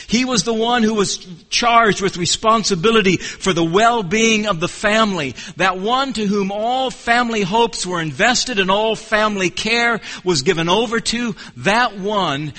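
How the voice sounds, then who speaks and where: A man's voice: high voice, sharp tone. Emphatic preacher man in reverberant hall. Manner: emphatic, repeating key phrases with deliberate pauses. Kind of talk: expository sermon.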